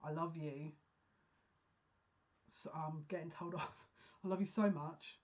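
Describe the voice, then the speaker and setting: Earnest lower-voiced woman psychic reader. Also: fairly even intonation, a little mellow. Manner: earnest, emotional, halting restarts. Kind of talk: pick-a-card reading monologue. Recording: dull lo-fi sound.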